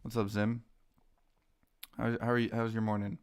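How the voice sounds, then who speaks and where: A young man casually chatting on a live stream while trading stocks, excitable and slangy, greeting viewers by name. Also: fairly low pitch, normal speed, clean tone. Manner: excitable, talks to chat and his dogs, says dude a lot.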